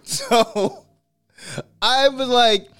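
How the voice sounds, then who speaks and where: Male co-host, high and lively, quick laugh, salty language, dry booth. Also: smooth, dry recording. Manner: animated, laughs often, swears freely. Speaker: podcast co-host. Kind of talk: casual chat.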